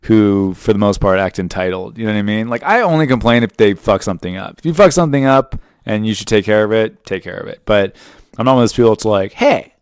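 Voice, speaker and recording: A man's voice: on the low side, quick pace, clean tone, no room sound, studio quality. A man in his thirties hosting a podcast, telling a story in a rambling, jokey, profane monologue. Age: 30s. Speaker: podcast host. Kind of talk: casual monologue.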